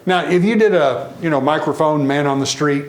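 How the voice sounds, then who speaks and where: A man preaching a sermon in a church, animated, varying his pace and acting out the people he quotes. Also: a little high, moderate pace, reverberant. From Tennessee.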